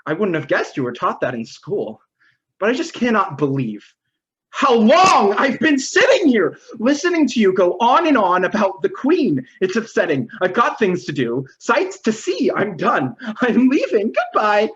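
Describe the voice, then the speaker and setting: A man's voice: high voice, huge pitch swings, normal speed, a bit bright, lo-fi sound, exaggerated voice. A man playing an exasperated, straight-laced American guy who keeps protesting in disbelief. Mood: incredulous. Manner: incredulous, protesting.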